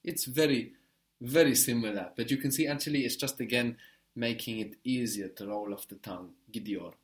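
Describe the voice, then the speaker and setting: A man's voice: medium pitch, brisk. A man teaching a spoken language lesson, patiently explaining step by step and prompting his learner.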